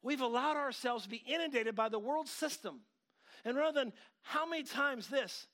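A middle-aged man preaching with a high-pitched voice. He talks in an animated way, jumping from loud, pushing outbursts to quiet asides. He often slips into quoted voices as he tells a story. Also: moderate pace. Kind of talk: sermon.

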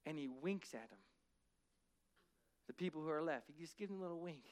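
High-voiced man preaching a story. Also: a little fast. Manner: dramatic retelling, swings from hushed to loud. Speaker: pastor. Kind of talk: sermon storytelling.

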